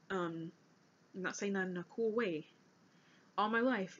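Eighteen yr old girl vlogging, earnest and kinda halting, reading off notes, muffled lo-fi sound. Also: mid-range voice, a little hiss or hum. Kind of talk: personal confessional vlog. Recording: dull lo-fi recording.

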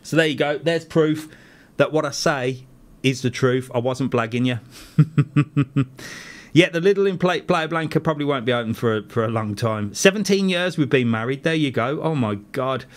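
A man's voice: medium pitch, moderate pace. A man, a travel channel host who chats casually on a live stream from a studio, reads viewers' comments aloud and answers them with self-mocking laughs. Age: 40s.

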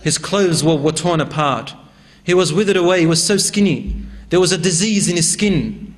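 A male preacher narrates a religious story with a high voice. His delivery is dramatic and emphatic, and he swings between raised passages and hushed ones. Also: normal speed. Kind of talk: storytelling sermon.

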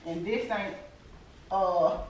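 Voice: medium pitch, takes it slowly. A person explaining things matter-of-factly during casual conversation in an empty house. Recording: echoey empty room, far from the camera mic, noisy.

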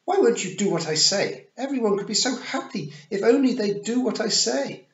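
A man's voice: fairly high pitch, sing-song, normal speed, reverberant, highs cut off, pitched above the performer's own voice. A man voicing a cold, petulant fairy queen who speaks in an imperious, demanding way. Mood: shrill.

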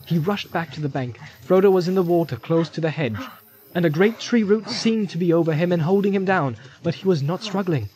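A man giving dramatic fantasy audiobook narration in a measured, vivid storytelling manner. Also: high-pitched, animated, darkish tone, poor audio. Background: music score.

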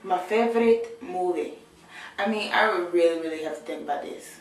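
A teenage high school girl, talking sassy and playful in a video diary from her bathroom. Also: normal speed, heavy reverb, distant mic, rough recording. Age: teens. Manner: sassy, playful, talks to the camera. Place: bathroom with shower.

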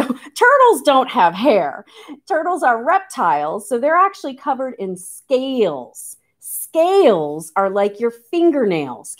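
A woman who teaches nature to children, speaking in an animated, sing-song, coaxing way as she shows live animals. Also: a little high. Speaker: nature educator.

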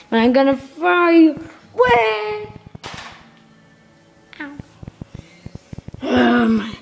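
Woman, high lively voice, slow gravelly delivery, melodramatic play-acting, shrieks and whispers. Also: slight background noise. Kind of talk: improvised play-acting narration.

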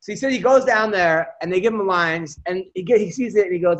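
Podcast host, man with a high voice, animated storyteller, dull lo-fi sound. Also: fast talker, hardly any pauses. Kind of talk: casual storytelling chat.

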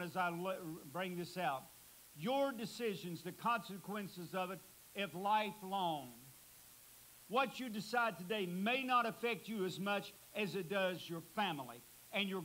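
A man preaching a sermon in a church, emphatic and rising in pitch on key words. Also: fairly bright tone, slight background noise, poor audio. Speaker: guest preacher.

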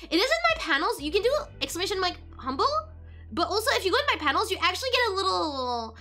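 High, lively, bright-voiced woman streamer. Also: quick pace. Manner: rambling, giggly, self-interrupting. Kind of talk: casual stream chat. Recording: faint background music.

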